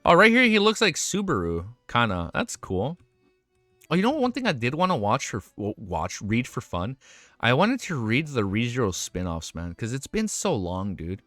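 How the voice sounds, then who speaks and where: A male streamer reacts out loud in casual live chat, excitable and quick to swear. His voice is bright and swings widely in pitch. The mic is close and dry, with faint music underneath. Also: no echo. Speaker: streamer reacting to fan art.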